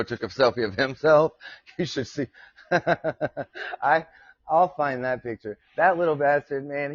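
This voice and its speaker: A man's voice: a little high, no room sound, dull audio. A man hosting a casual live podcast from his desk, rambling and joking, swearing casually. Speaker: podcast host. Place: home desk with his dog nearby.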